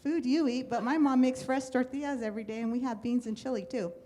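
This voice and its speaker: A woman's voice: high-pitched, quick pace, background noise. A middle-aged woman from the United States telling her personal life story to a live audience, acting out the voices of people she quotes. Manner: animated, acts out quoted voices. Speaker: speaker at a storytelling event.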